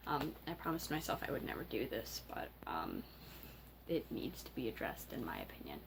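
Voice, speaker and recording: A teenage girl ranting casually to camera as a vlogger, halting, with many fillers and restarts. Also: rumbling low, wildly swooping pitch, vocal fry, background noise. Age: teens.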